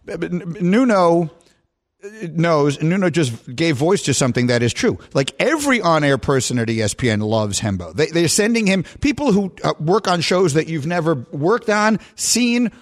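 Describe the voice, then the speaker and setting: Middle-aged male sports talk host with a slightly high voice; animated storyteller. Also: normal speed. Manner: animated storyteller, voice jumps high when quoting.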